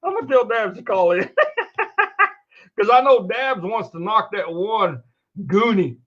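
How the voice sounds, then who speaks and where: A man's voice: high voice, a little slow, a bit bright. A man in his fifties hosting a casual call-in show, laughing constantly and talking loosely. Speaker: host. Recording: dull lo-fi recording.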